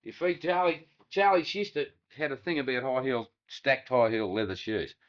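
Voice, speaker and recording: A man's voice: medium pitch, normal speed. An older Australian man telling oral history stories, acting out voices and swearing casually. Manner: yarn-spinning, acts out quoted voices, casual swearing. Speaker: interviewee, retired waterside worker. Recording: dull lo-fi archive tape.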